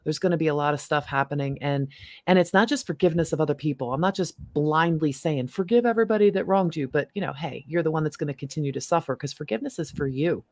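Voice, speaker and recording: A woman's voice: deep voice, fast talker, a little mellow, no room sound, clean studio sound. A middle-aged woman hosting a spiritual livestream, chatting casually and breaking into bits of song. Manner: chatty, bursts into snippets of song. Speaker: livestream host. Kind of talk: casual chat.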